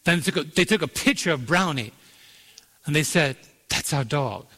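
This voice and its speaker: A man preaching in a church with a bright, forceful, slightly high voice. He tells stories and drives his points home, drawing words out slowly for emphasis. His voice rings with the long reverb of a big sanctuary. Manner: storytelling preacher, dramatic slow-downs and rising emphasis. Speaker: pastor. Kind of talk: sermon.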